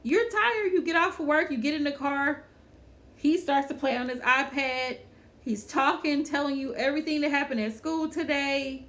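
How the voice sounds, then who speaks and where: A woman's voice: high voice, steady tone, normal speed, a bit bright. A woman hosting a casual livestream chat, talking to viewers by name, repeating her phrases and laughing often. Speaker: livestream host.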